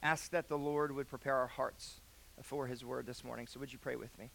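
A young man preaching a sermon in a church, moving from a hushed prayer into earnest personal storytelling. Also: mid-range voice, fairly even intonation, a little fast, creaky. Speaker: pastor. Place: church sanctuary.

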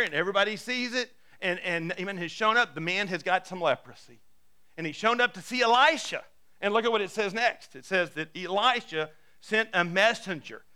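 A pastor with a sharp, smooth voice preaches a sermon, retelling a Bible story in everyday language and acting out what the characters say. He lowers his voice for the closing appeal.

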